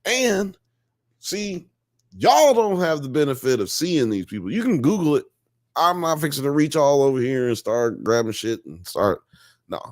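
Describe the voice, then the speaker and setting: A man hosting a live-stream show, chatting casually in an animated, slangy, joking way. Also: medium pitch, moderate pace, no room sound, studio quality. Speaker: podcast host.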